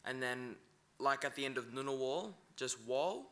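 A man's voice: mid-range voice, animated, a bit bright, slight background noise. A man teaching pronunciation at a conference, breaking each word into syllables. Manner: slow, breaks words into syllables. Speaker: language teacher.

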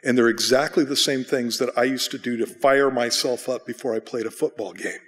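A man's voice: mid-range voice, long reverb tail. A male pastor teaching a Bible study in a loose, self-deprecating way, often restarting his sentences. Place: church sanctuary.

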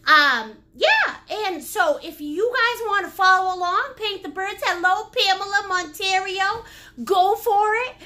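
A woman's voice: very high-pitched, unhurried, background noise. A woman hosting a live painting class, joking around playfully and greeting viewers by name. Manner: animated, breaks into laughs and silly sounds. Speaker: painting instructor and livestream host. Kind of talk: lively livestream painting class.

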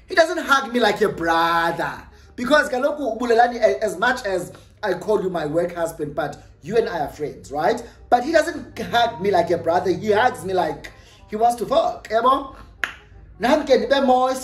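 A young adult YouTuber with a South African accent, telling a storytime in an animated, gossipy way and dropping in Xhosa phrases and tag questions. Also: medium pitch, brisk. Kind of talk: storytime vlog. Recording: roomy echo with faint music.

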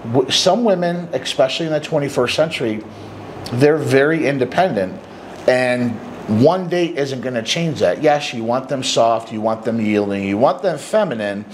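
A man's voice: mid-range voice, a little hiss or hum, poor audio. A middle-aged man, a dating coach, giving blunt, emphatic advice to men straight to the camera and acting out little bits of dialogue. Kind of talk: direct-to-camera advice talk.

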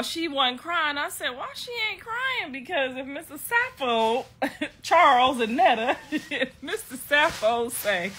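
A woman in her thirties from Ohio, telling a story in a casual, animated way, laughing often and swearing a lot. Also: high voice. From Ohio, United States. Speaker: vlogger.

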